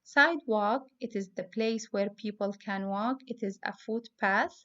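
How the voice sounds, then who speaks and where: Slow, deliberate woman teaching phonics. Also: medium pitch, fairly bright tone, muffled recording. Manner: slow, deliberate, spells out letters. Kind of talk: phonics lesson for young students.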